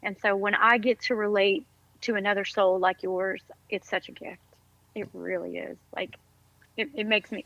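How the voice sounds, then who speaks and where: A woman's voice: mid-range voice, fairly even intonation, normal speed, creaky, pushed and bright, no room sound, muffled recording. A woman speaking as a podcast guest in casual conversation, upbeat, encouraging and effusive.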